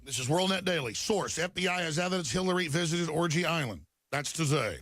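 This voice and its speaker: A man's voice: fairly high pitch, lively intonation, fairly quick, fairly bright tone, dry recording. A man hosting a talk show, ranting emphatically through news headlines and stumbling over repeated words. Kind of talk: talk radio monologue reading headlines.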